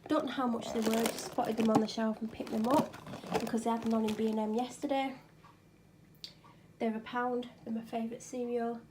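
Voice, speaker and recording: A woman's voice: fairly high pitch, flat delivery, brisk, background noise. Chatty, tired woman vlogging at home. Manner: chatty, rambling, self-mocking. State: ill and tired. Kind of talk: casual chat. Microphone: clip-on microphone.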